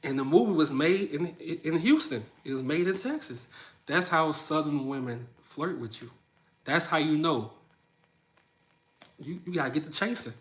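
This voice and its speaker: A man's voice: a little high, lively intonation, normal speed, fairly bright tone. Laughing slangy man on a live stream. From Midwest of the US. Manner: loose, laughing, talks slang with chat. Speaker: livestream host. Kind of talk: casual livestream chat with viewers.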